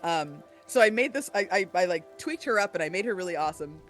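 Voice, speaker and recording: A man in casual podcast chat, his voice pitched high and ringing bright. He tells animated, profane stories and laughs often. Soft music plays faintly underneath. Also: fast talker. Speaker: podcast guest.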